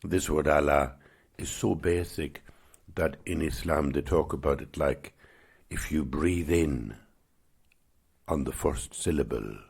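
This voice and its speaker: Male podcast host, reflective spiritual talk, very low husky voice, gravelly edge. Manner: gentle, musing, unhurried.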